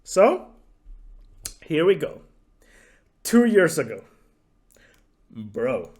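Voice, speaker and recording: A man's voice: on the high side, big pitch swings, very slow, a little mellow. A man telling a story in a casual vlog, sarcastic and profane, laughing often. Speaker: YouTuber.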